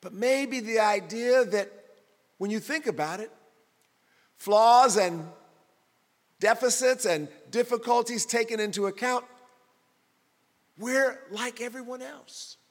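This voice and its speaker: A man preaching a sermon in an emphatic way that builds toward shouting. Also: very high voice, takes it slowly, long pauses, in a large hall.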